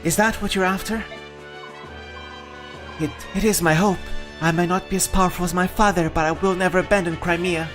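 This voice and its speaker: A man voicing a gentle, earnest young princess in a video game playthrough. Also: sits high, steady tone, a little fast, over music, voice pushed up, lightly acted.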